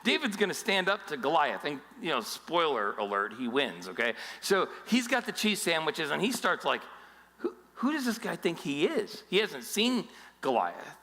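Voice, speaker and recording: A male pastor giving a sermon in an animated storytelling style with jokes along the way. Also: on the high side, big-room sound.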